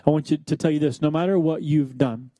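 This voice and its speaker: Young male pastor, casual sermon delivery with jokes, slightly high, mellow voice, dry close sound. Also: steady tone, fairly quick, no echo. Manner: conversational, self-deprecating, acts out quoted voices.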